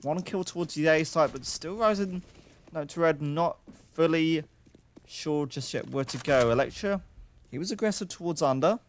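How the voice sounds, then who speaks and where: A man's voice: a little high, moderate pace, a little hiss or hum. A young man casting a live esports match, calling the play and chatting in joking asides. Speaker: esports caster.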